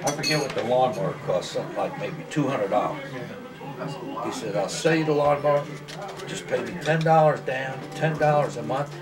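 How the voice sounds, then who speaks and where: Seated at a home dining table mid-meal, an older man shares folksy, wandering anecdotes and acts out the voices in them. He speaks a little fast at medium pitch, recorded from afar amid crowd noise, people around him and clinking cutlery and dishes.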